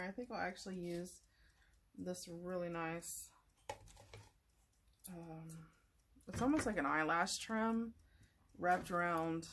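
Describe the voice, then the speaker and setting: A woman's voice: fairly low pitch, slight background noise. A woman hosting a craft tutorial, chatting casually and meanderingly to viewers as she works, a little sleepy and yawning. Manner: chatty and meandering, talking to viewers while working.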